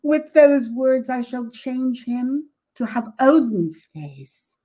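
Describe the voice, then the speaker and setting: A man voicing a haughty, scheming old female witch in a dramatic reading of a rhyming tale, with a shrill, cackling, gloating delivery. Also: very animated, slow, warm tone, full character voice.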